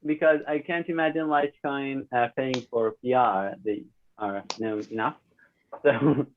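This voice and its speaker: A man's voice: mid-range voice, a little slow, phone-quality sound, slight background noise. A man taking part as a quiz contestant in casual chat, who interrupts with questions and laughs easily.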